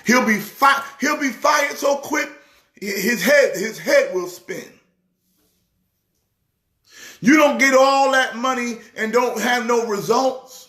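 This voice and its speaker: A man who is a pastor, talking sports casually in an excitable way, repeating words with a preacher's rhythm. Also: very high-pitched, slow pace, long pauses, roomy sound. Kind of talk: casual sports talk show.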